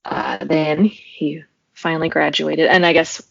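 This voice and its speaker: A woman's voice: low-pitched, steady tone, unhurried, vocal fry, dry recording, lo-fi sound. A young woman from Oregon, a podcast guest telling her story in a casual, rambling way full of fillers. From Oregon, USA. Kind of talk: casual interview chat.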